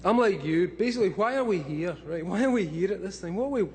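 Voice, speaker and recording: Brief: drunk Scottish man in his thirties, high and loud, swearing through a live speech over a faint hum. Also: animated, fast talker. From Scotland. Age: 30s. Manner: loud, swearing, laughing between lines. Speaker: convention speaker. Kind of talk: profane live talk to an audience.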